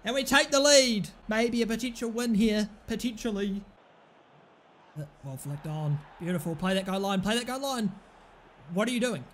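A young man commentating his own football video game play, excitable, shouting at big moments and muttering in between. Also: sits high, moderate pace, slight background noise. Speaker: gaming commentator. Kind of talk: live let's-play commentary.

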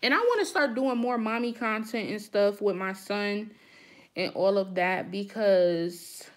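A woman's voice: medium pitch, measured pace. A woman hosting a live chat with her viewers, talking frankly and emphatically straight to them.

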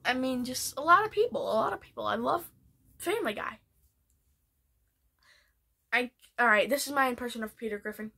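Excitable bright-voiced woman vlogger. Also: fairly high pitch, normal speed, vocal fry, long pauses, breathy edge. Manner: excitable, rambling, lots of fillers. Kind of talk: casual show ranking.

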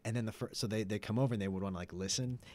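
A man telling funny stories in casual comedic chat, with deadpan fibs and laughter at his own jokes. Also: on the low side, racing. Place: studio.

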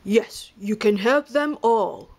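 A woman's voice: mid-range voice, takes it slowly, a little mellow. Woman voicing a stern serious panda.

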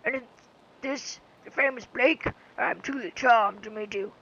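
A woman's voice: on the high side, a little slow, pushed and bright, slightly rough, highs cut off, exaggerated voice. A woman reading as a haughty villain wife.

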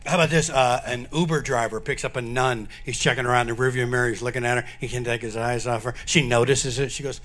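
A mid-pitched man laying out a dirty joke in an even, deadpan way. He speaks the characters' lines in quick quotes. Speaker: comedian at a memorial show. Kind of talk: telling dirty jokes among friends.

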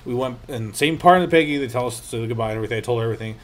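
A man's voice: mid-range voice, very fast. A young man co-hosting a casual paranormal chat, telling stories animatedly and swearing freely. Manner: animated storyteller, swears freely, acts out quotes. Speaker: podcast co-host.

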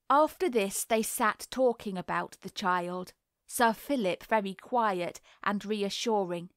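A woman reading a novel aloud in a measured, even storytelling manner. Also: medium pitch, no room sound, studio quality. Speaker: audiobook reader. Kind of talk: scripted narration.

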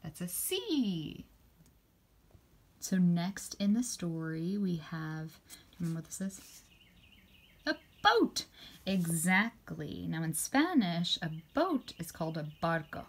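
A woman teaching young children their letters, spelling words out slowly and praising each answer. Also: lowish voice. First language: English. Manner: slow, encouraging, spells out letters and sounds.

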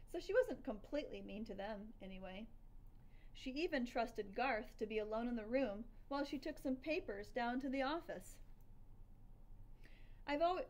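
A woman narrating a children's storybook. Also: fairly high pitch. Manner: lively, expressive storytelling. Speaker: audiobook reader. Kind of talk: storybook narration in first person.

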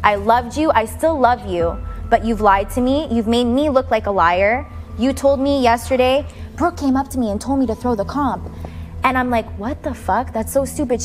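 A woman's voice: on the high side, darkish tone. A young woman on a reality show, making an emotional, confrontational speech at a house meeting. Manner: emotional, confrontational, defending herself.

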